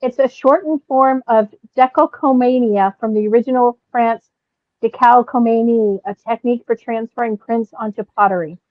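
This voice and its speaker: Woman co-host with a highish voice. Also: steady tone, moderate pace, no room sound, narrow, tinny audio. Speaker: podcast co-host. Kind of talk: casual chat.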